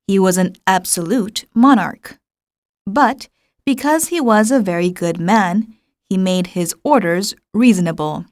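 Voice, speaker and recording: A woman narrating a classic storybook in a calm, measured way. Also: mid-range voice, no echo, studio quality. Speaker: audiobook narrator. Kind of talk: scripted narration.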